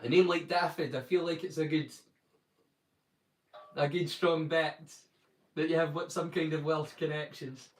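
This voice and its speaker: A man with a high-leaning voice, fairly even intonation and a slightly slow pace with long pauses hosts a livestream watchalong. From northeast Scotland, he speaks with a Doric accent, chatting casually, joking and greeting people by name. The recording is reverberant and distant, with a little hiss or hum.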